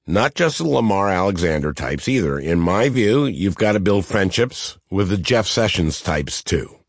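Deep, nasal Midwestern man, deadpan. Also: measured pace, dry recording. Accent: Midwestern American. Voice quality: nasal twang. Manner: dry, deadpan wit. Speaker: senator reading his own memoir. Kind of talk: audiobook memoir narration.

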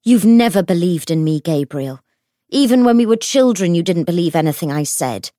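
A woman's voice: lively intonation, normal speed, darkish tone, no echo, clean studio sound. A woman voicing an enraged older noblewoman who hurls accusations at her brother. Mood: furious. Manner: shrill, furious.

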